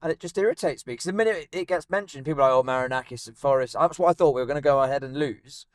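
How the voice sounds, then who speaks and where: A man chats with easy, teasing energy, his voice pitched a little above the usual. He ribs his co-host through a casual podcast conversation. It is a dry, close recording made in a van. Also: rapid-fire, dry recording. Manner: teasing, animated banter. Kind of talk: casual chat. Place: inside a moving van.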